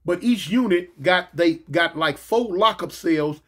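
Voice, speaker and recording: A man casually telling a story from his past, slangy and animated, jumping in pitch and making sound effects as he goes. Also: measured pace. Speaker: storyteller recounting his prison days.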